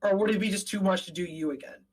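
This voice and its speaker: A woman's voice: mid-range voice, fast talker, darkish tone, breathy edge. A woman chatting casually on a recording stream, hesitant with many fillers.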